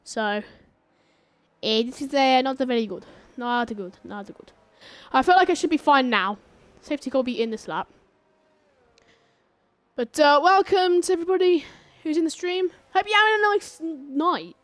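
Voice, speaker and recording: A young woman commentating a live sim race on stream, grumbling between calls and bursting into excited shouts during battles. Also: high voice, moderate pace, long pauses, no room sound.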